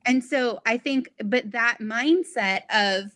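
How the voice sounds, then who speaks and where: A woman's voice: on the high side, slow, sharp tone, no echo. A woman guest in an interview, speaking earnestly and articulately and building her points as lists. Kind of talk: interview conversation.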